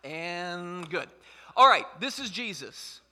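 A man's voice: high voice, expressive, takes it slowly, bright, forceful tone. A man preaching a sermon as pastor, emphatic and conversational, in a church hall. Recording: long hall reverb.

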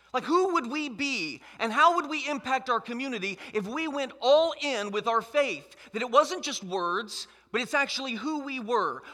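High, bright preaching man in a hall. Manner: emphatic, conversational preaching. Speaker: pastor. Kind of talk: sermon. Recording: long hall reverb.

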